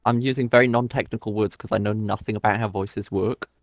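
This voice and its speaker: Man, lowish voice, halting and self-deprecating, casual gaming chat, dry close sound. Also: fairly even intonation, no echo. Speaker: co-player on stream.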